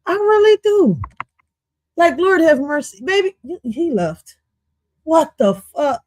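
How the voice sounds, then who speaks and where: A woman's voice: high-pitched, sing-song, slow pace, pauses often, a little mellow, dry recording. A woman reacting to a podcast clip on her stream, goofy and swearing, slipping into now and then. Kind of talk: casual reaction commentary.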